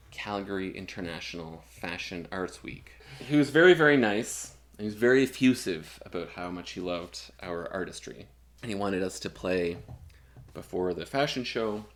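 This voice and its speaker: A man's voice: low-pitched, a bit bright. A young man telling a long, profane anecdote in a casual chat, full of fillers and asides. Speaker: guest musician.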